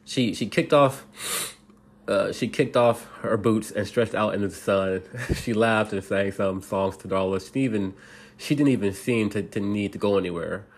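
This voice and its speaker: A man with a low, slightly husky voice reads a bedtime story in a loose, casual way. He stumbles, restarts his sentences and chuckles at his own slips as he goes. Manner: halting, restarts often, laughs at himself.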